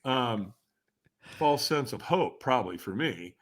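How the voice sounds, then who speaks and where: A man guesting on a podcast, telling a story with animated energy and acting out the dialogue. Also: medium pitch, slow pace. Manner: acts out quoted dialogue, emphatic and lively.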